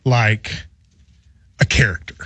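A man's voice: takes it slowly, bright, forceful tone. A man hosting a radio talk show, chatting and telling stories from home. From Kentucky. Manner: chatty storyteller, laughs often. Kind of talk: casual radio chat.

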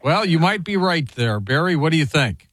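A man hosting a call-in radio show, brisk and friendly as he takes calls. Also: a little high, big pitch swings, fairly bright tone, no room sound. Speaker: radio host.

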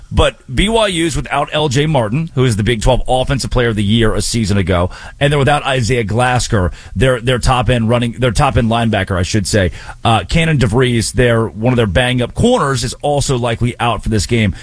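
A man with a medium-pitched voice hosts a sports talk radio show, with no room sound. He delivers betting picks and college football takes briskly, with a wry, sarcastic edge.

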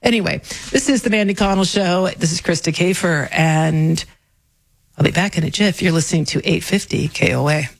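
A woman's voice: on the low side, normal speed, creaky, no echo, rough recording. A woman guest-hosting a talk radio show, candid and opinionated, speaking casually into a studio microphone. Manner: candid, opinionated, self-deprecating.

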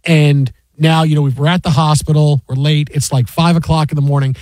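A man's voice: brisk, dry recording. A man hosting a sports talk show, telling a story and acting out quoted lines in a raised voice. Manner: animated storyteller, acts out quotes in a high voice. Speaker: sports radio host.

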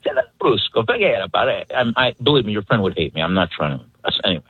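An easygoing man chatting on a radio call-in over a tinny phone line. His voice sits low and a touch husky, and he rambles in a loose, joking way. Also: big pitch swings, fast talker, no echo. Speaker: caller. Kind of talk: casual phone chat.

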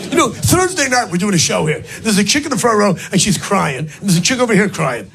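Loud, gravelly high-voiced comedian on stage. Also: male voice, sing-song, fast talker. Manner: loud, shouting, crowd work. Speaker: stand-up comedian. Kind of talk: stand-up set. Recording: live club recording with crowd and music. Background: audience laughter.

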